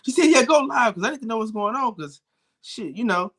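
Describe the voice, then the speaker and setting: A man's voice: high voice, lively intonation, fast talker, a bit bright. A man calling into a live show, telling a story in a laid-back, repetitive way. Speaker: caller and co-host. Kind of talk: casual live call-in chat.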